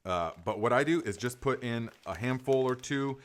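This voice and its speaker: A man's voice: mid-range voice, normal speed. Chatty man hosting a gardening live stream. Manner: rambling, enthusiastic, many fillers and restarts. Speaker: gardening podcast host. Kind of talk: casual live Q&A chat.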